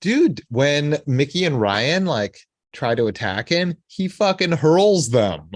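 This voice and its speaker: A man's voice: on the high side, sing-song, slow pace, no room sound, clean studio sound. A man co-hosting a podcast, chatting and joking enthusiastically while recapping a TV episode. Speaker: podcast co-host. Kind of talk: casual chat recapping a TV episode.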